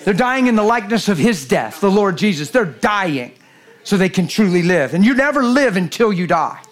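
A man preaching a sermon in a church, animated and jokey, swinging from loud bursts to hushed lines. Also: high-pitched, moderate pace. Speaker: guest preacher.

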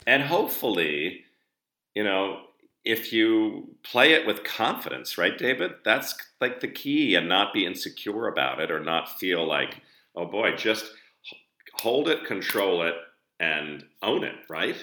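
Deep bright-voiced host in a roomy space. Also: male voice, big pitch swings. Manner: encouraging, quick reactions. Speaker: podcast host. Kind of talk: casual interview.

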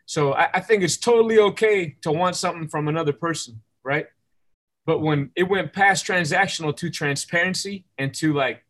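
Male podcast host, eager and reflective, slightly raised pitch, casual talk. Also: moderate pace, fairly bright tone. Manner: enthusiastic, reflective, repeats words while thinking. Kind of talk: casual interview conversation.

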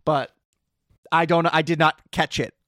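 A man's voice: a little high, steady tone, unhurried, fairly bright tone, no echo. A man co-hosting a podcast, chatting casually with dry, joking asides. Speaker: podcast co-host. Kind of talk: casual chat recapping a TV episode.

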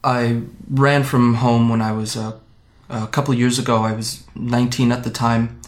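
An actor in his twenties playing a guarded young man from Japan who recounts fleeing home, speaking in a hesitant, halting, wry way in an audio drama. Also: mid-range voice, little pitch movement, close to an everyday voice. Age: 20s.

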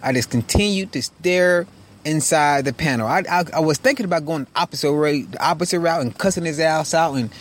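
Male podcast host, slightly high voice, frank and profane, animated storyteller, recording in a car. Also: brisk. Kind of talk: casual storytelling monologue. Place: inside a parked car.

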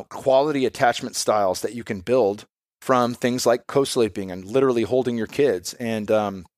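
A man's voice: medium pitch, no echo, studio quality. A man in his thirties, a podcast guest and father, talking in a candid, reflective way and swearing casually.

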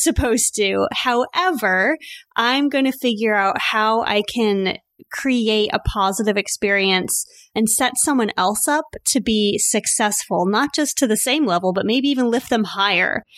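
A woman hosting a veterinary podcast, enthusiastic and speeding up as she gets excited. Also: medium pitch, no room sound, studio quality. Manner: enthusiastic, speeds up when excited, many "like" fillers. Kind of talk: casual podcast interview.

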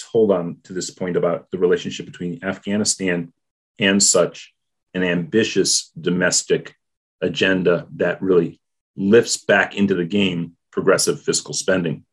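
A man giving his take on politics in a casual discussion, measured and thoughtful, with many pauses and fillers. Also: sits low, breathy edge. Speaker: political commentator.

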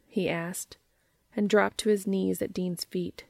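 A woman reading a romance story aloud in a calm, steady narrating voice. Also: medium pitch, slow, vocal fry, no room sound. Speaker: fan fiction reader.

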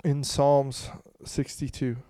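A man preaching a conversational sermon to a congregation, swinging between hushed and loud passages, with frequent "you know" asides. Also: medium pitch, little pitch movement, takes it slowly, no room sound, clean studio sound. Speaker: pastor.

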